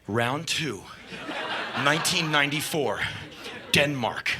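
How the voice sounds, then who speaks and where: Man telling a story on stage, bright forceful voice, slightly high, animated, shouts at the peaks, faint background hiss. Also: moderate pace. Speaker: spoken-word performer. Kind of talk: live spoken-word storytelling. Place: live stage show.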